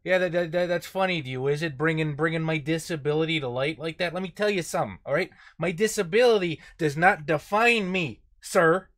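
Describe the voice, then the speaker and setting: A man's voice: fairly high pitch, brisk, hardly any pauses, fairly bright tone. A man playing a tabletop game, talking in character with brash, wisecracking banter. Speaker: player.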